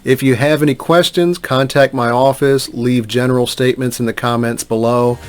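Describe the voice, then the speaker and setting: Indignant lawyer on a soapbox. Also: male voice, medium pitch, fairly even intonation, moderate pace. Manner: emphatic, indignant rebuttal with scoffing asides. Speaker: bankruptcy attorney. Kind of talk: direct-to-camera commentary.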